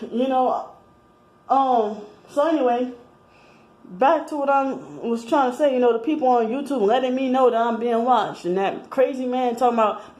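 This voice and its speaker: In her thirties, this vlogger rambles through a personal monologue, a bit out of breath, restarting often and using lots of fillers. Her voice is fairly high and slightly mellow at a moderate pace, though the audio quality is poor.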